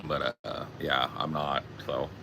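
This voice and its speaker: A man's voice: very deep voice, little pitch movement, slow, vocal fry, sharp tone, a little hiss or hum. A man hosting a podcast, telling a casual anecdote with plenty of swearing. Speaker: podcast host. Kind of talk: casual storytelling chat.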